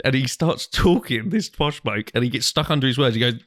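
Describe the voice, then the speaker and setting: Speaking fairly quickly in a mid-range voice, this male co-host rambles through an anecdote during casual podcast chat, cursing liberally and animatedly voicing his friends' lines. The studio sound is clean, with no room sound.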